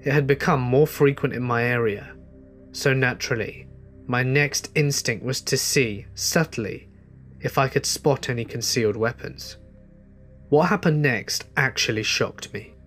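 A man narrates a first-person horror tale at a mid pitch, keeping a measured, tense delivery. Faint music plays under his voice throughout. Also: a bit bright. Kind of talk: scripted horror story narration.

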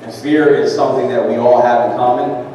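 Man, pastor, sermon, mid-pitched voice, very echoey sanctuary, faint room noise. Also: fairly even intonation, dark tone. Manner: conversational preaching, reads scripture slowly. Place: large church sanctuary. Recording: echoey church hall from far off.

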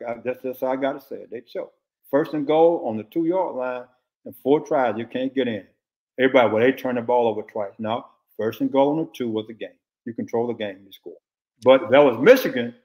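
A man's voice: mid-range voice, a little mellow. An older man from Texas, a former football coach, giving blunt, emphatic football analysis in casual talk and repeating his points.

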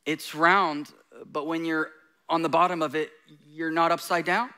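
Man preaching, bright voice, fairly high, jokey asides, laughs as he talks. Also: flat delivery, normal speed, clear, resonant tone. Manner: jokey, self-deprecating asides between intense points; laughing often while talking. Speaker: guest preacher. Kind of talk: sermon.

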